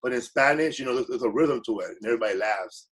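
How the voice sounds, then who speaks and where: In a fast, mid-range voice, this man tells laid-back stories as a guest comedian. He wanders from point to point, corrects himself, and switches into Spanish phrases now and then.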